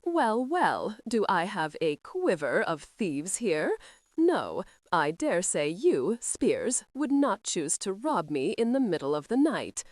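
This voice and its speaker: A woman narrator voicing a mocking, arrogant young male earl who speaks in a slow, sarcastic drawl. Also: lowish voice, big pitch swings, no echo, clean studio sound. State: injured, sore ribs.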